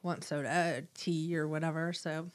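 Woman, young adult, podcast co-host, casual chat, giggly, a bit hoarse, lowish voice. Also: little pitch movement, moderate pace. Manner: giggly, chatty, reads listener mail aloud. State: losing her voice.

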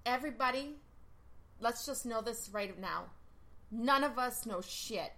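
A woman's voice: on the high side, expressive, unhurried, crowd noise. A woman hosting a podcast, chatting casually in a blunt, emphatic way and swearing freely. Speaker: podcast host; life coach.

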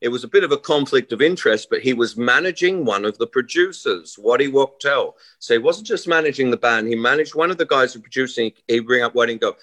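Brief: musician guest, mid-pitched, chatty storyteller with restarts. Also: male voice, quick pace, hardly any pauses, no room sound. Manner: rambling, animated storyteller with many restarts and quoted voices. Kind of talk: casual interview talk.

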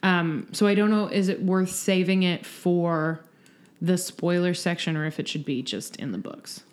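A woman co-hosts a podcast in relaxed, casual chat. She sounds tired, swears freely and breaks into laughter often. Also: lowish voice, moderate pace. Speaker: podcast co-host.

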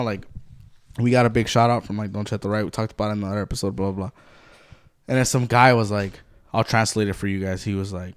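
A man's voice: fairly low pitch, steady tone, fast, clear, resonant tone. Blunt, foul-mouthed podcast man. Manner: blunt, heavy swearing, lots of "like". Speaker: podcast co-host. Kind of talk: casual profane podcast chat.

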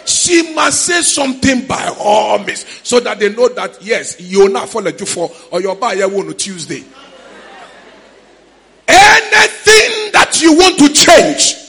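A man with a Ghanaian accent preaching a sermon in church, shouting in a sing-song way with sudden high cries. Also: very animated, takes it slowly, creaky, husky. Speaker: pastor.

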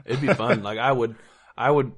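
A man's voice: mid-range voice, fairly even intonation, moderate pace, husky. A man co-hosting a podcast in easygoing chat, joking around with crude asides and lots of "like"s. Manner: laid-back, joking, frequent "like"s and crude asides. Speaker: podcast co-host. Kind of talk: casual chat.

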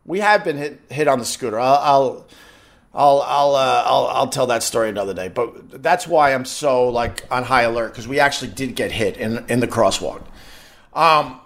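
A man live streaming, telling a story in an excitable, animated way with frequent restarts. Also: mid-range voice, moderate pace, vocal fry. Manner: excitable, acts out shouted quotes, frequent restarts.

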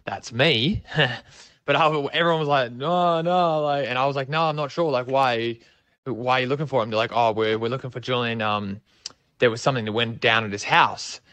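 A man's voice: medium pitch, fairly even intonation, brisk, sharp tone, no room sound. A young man with an Australian accent, telling a rambling, sweary story in a casual way. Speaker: storyteller guest.

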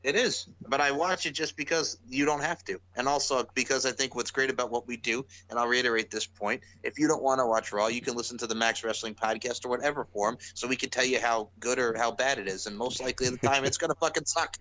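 A man's voice: medium pitch, fairly even intonation, fast, few pauses, bright, forceful tone, low-quality recording. A young man co-hosting a casual wrestling podcast, rambling and exasperated, with lots of restarts. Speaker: podcast co-host.

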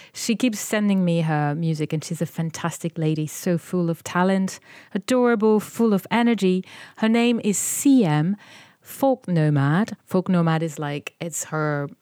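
A woman with a French accent co-hosting a chatty podcast, talking in an animated way with frequent hesitations. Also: fairly low pitch, no room sound, clean studio sound. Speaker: podcast co-host. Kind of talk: casual radio-style chat.

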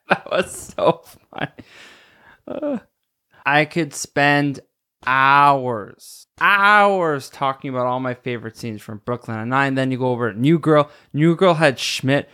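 A man's voice: medium pitch, sharp tone. A man hosting a solo podcast, rambling casually, laughing often and stopping to search for names. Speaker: podcast host.

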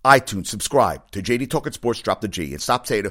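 A man's voice: on the low side, animated, a little fast, few pauses, pushed and bright. A middle-aged man hosting a sports podcast, rambling and swearing as he rants in casual talk. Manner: rambling, profane, riled-up ranting.

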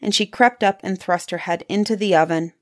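A woman reads a fairy tale aloud in an expressive storytelling voice. She pauses for drama and lets her tone dip at dark moments. Her pitch sits in a medium range.

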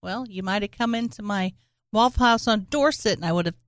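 A woman's voice: mid-range voice, brisk, no echo, studio quality. A woman co-hosting a casual chat with wry, teasing interjections.

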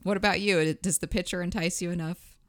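A woman co-hosting a podcast, giving upbeat opinions on theme park treats in a lively, casual way. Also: lowish voice, a little fast, dry recording, studio quality. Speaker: podcast co-host. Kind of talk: casual chat.

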